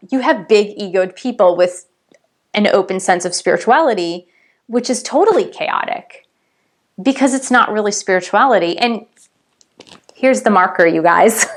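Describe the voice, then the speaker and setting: A woman who works as a spiritual coach, talking to her viewers in a casual vlog. She is chatty and animated and keeps addressing them directly. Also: fairly high pitch.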